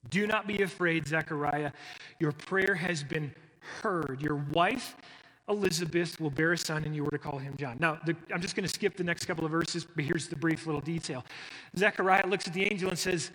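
A man preaching a sermon, rising sharply on key phrases and then dropping low and soft. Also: moderate pace, in a large hall, rough recording. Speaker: pastor.

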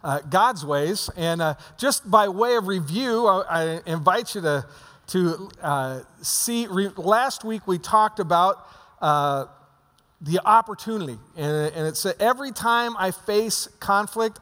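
Pastor, male, high-pitched voice, casual preaching with false starts, reverberant church hall. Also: expressive, measured pace, a bit bright. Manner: conversational preaching with many restarts. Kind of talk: sermon. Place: church sanctuary.

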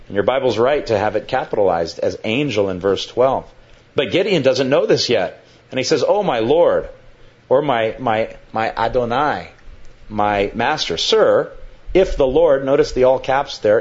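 Conversational male pastor preaching. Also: highs cut off. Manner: conversational, dramatizes quotes with sudden pitch jumps. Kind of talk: expository sermon.

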